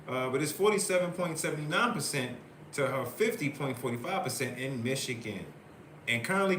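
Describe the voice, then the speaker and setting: Excited man reading out election results. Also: fairly high pitch, roomy sound, a little hiss or hum. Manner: excited, repetitive, reading out vote counts. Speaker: host. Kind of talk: live election-night commentary.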